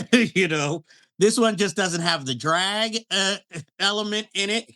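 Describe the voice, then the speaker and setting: A man with a high, very lively voice and a bright, sharp edge talks through a film in a relaxed podcast chat. He is animated, laughs often and keeps breaking off to restart his sentences. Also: slow pace. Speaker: podcast co-host. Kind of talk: casual film review chat.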